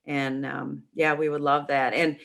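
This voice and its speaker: A middle-aged woman tells a long story in a casual interview, full of restarts and quoted back-and-forth. Her voice is bright and forward, set slightly low for a woman. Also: unhurried, gravelly. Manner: chatty, animated storytelling with many restarts. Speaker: guest, nonprofit founder.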